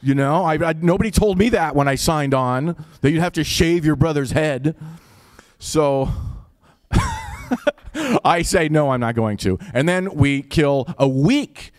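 A man's voice: fairly high pitch, lively intonation, takes it slowly, long pauses, dry recording, clean studio sound. A man with an Upper Midwest accent telling a personal story live, in a casual, wry, profane way.

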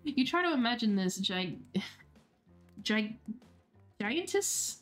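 A woman's voice: a little high, big pitch swings, slow pace, soft background music. A woman streamer reading a dating game aloud, playful and laughing, with self-deprecating asides.

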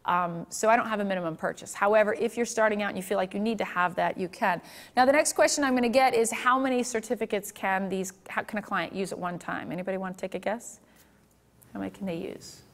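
A woman's voice: mid-range voice, fast talker. A middle-aged woman, a photographer, teaching a workshop in a chatty, candid way, telling stories and asking the audience questions. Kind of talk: seminar talk with storytelling.

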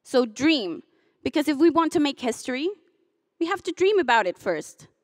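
A woman's voice: high-pitched, big pitch swings, moderate pace, no echo, clean studio sound. A young woman in her twenties, a graduating student, giving a commencement speech and moving between heartfelt, tearful moments and playful jokes. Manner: emotional, chokes up and laughs through tears, then jokes with the crowd. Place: hotel ballroom.

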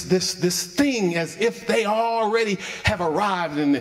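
A man delivers a sermon at a measured, unhurried pace, driving points home by repeating them. His voice sits fairly high, and a long reverb rolls through the sanctuary behind it. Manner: preaching with emphatic repetition. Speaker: associate minister. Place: church sanctuary.

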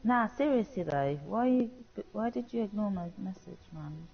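A woman's voice: medium pitch, animated, normal speed, slightly rough. A woman chatting with friends over voice chat while gaming, prodding with questions. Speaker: gamer on voice chat. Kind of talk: casual chat. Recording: dull lo-fi voice chat.

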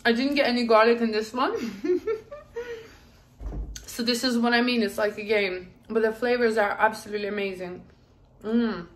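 A young woman chatting casually in a home kitchen while showing a recipe, excitable and laughing often. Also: fairly high pitch, moderate pace, pauses often. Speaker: cooking vlogger. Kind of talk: casual cooking demonstration.

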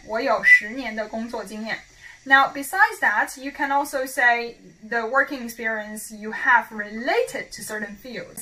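A woman teaching a language lesson, repeating model phrases slowly and clearly. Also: a little high, sharp tone, poor audio.

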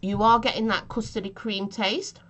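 A woman's voice: medium pitch, fairly even intonation, moderate pace, background noise. A woman chatting casually through a vape flavour review, giggly and self-mocking, with a cough from a chest infection.

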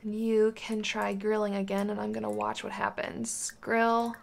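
A woman's voice: mid-range voice, completely flat delivery, normal speed, slight background noise. A woman casually commenting on a life simulation game, coaxing and scolding the characters as if they were toddlers. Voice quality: gravelly vocal fry. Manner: chatty, talks to game characters like small children. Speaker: gaming channel host.

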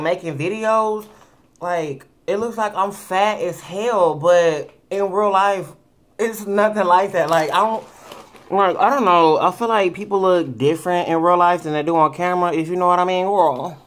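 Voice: mid-range voice, fairly quick, a bit bright. A tipsy vlogger chatting casually at home while eating, sassy, rambling and full of swearing, talking to the camera. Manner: sassy, profane and rambling, calls listeners girl. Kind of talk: casual eating-show chat. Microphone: camera mic.

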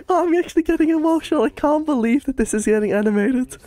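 A woman with a very high voice hosts an anime reaction video, gushing excitably and bursting into laughter between exclamations.

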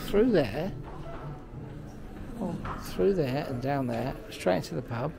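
Gravelly chatty man. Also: on the high side, expressive, takes it slowly, music in the background. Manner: chatty, jokey, talks playfully to his dogs. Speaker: vlogger. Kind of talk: casual travel vlog narration.

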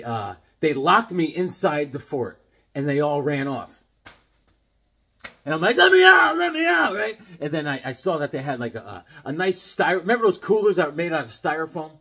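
A man's voice: a little high, breathy edge. A middle-aged man chatting casually about comics he got, rambling with enthusiasm and acting out voices as he tells stories. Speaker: comic collector vlogger. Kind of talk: casual unboxing chat with stories.

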